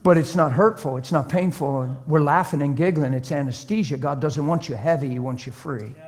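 A man preaching a sermon, telling stories and acting out conversations, swinging between hushed and loud. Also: fairly high pitch, a little fast. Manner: acts out dialogue in different voices. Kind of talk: sermon with storytelling.

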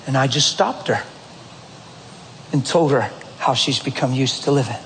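A male pastor preaching a sermon in a church, telling stories in a direct, animated, conversational way. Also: mid-range voice, normal speed, a little hiss or hum. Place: church sanctuary. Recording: echoey church hall, faint ambience.

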